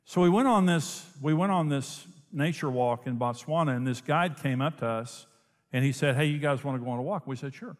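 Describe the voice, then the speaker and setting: Animated man preaching in a reverberant hall. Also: mid-range voice, fairly quick. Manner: animated storytelling with laughter. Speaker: pastor. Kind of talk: sermon.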